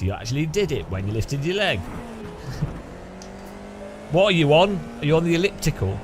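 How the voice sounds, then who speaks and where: A man's voice: a little high, big pitch swings, moderate pace, long pauses, background noise. A man streaming a game, rambling and joking with his chat in a self-mocking way. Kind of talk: casual live stream chat while gaming.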